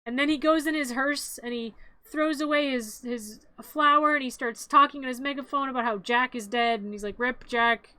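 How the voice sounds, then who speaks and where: A woman's voice: high voice, fairly quick, dry recording. A woman streamer giving a rambling, joking play-by-play of a film in a casual live stream. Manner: animated, rambling play-by-play with jokes.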